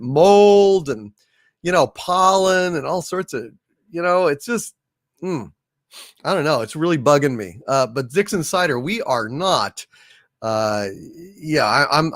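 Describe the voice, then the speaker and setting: Man, livestream host, congested, gravelly, lively pitch, dry close mic. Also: dry recording. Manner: rambling, plain-spoken. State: congested from allergies. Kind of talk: casual chat reading viewer comments.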